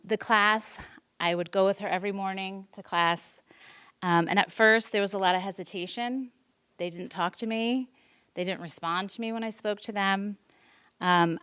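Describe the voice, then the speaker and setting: Earnest, smooth-voiced woman teacher. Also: mid-range voice. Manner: earnest, many ums and restarts. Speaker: teacher presenting at school board meeting. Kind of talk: emotional personal presentation. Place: public meeting room.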